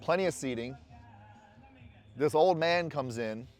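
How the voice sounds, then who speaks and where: A vlogger sits smoking a cigar and rambles candidly to the camera in a casual motivational vlog, cursing and talking bluntly to himself. His voice is a little high and unhurried, with faint music in the background.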